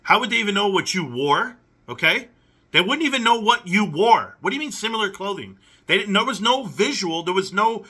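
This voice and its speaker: A man's voice: high voice, big pitch swings, a little fast, pushed and bright, breathy edge. A young adult man hosting a reaction commentary, reading messages aloud and picking at them with sarcastic, incredulous questions. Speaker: commentary channel host.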